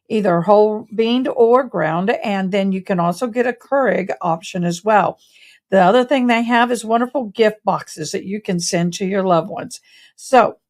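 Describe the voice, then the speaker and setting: A woman from Tennessee hosts a casual livestream, chatting loosely and peppering her talk with "y'all". Her voice sits at an ordinary middle pitch. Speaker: true crime livestream host.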